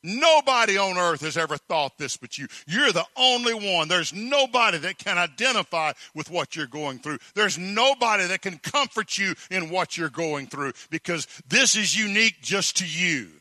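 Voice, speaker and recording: A man's voice: high-pitched, expressive, moderate pace, hardly any pauses, pushed and bright, dry recording. A man preaching a sermon, telling stories emphatically and asking rhetorical questions. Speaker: pastor.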